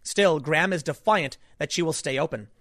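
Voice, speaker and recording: Brief: fairly high-voiced male commentator, punchy and emphatic, dry close recording. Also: brisk, no echo. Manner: animated, emphatic, rhetorical asides. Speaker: political commentary host. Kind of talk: solo political commentary.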